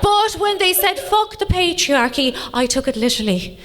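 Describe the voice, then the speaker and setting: An Irish woman in her late thirties performing a bawdy stand-up set with deadpan punchlines, teasing the crowd. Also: very high-pitched, normal speed. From Ireland. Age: late 30s. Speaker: stand-up comedian. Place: comedy club stage before a live audience.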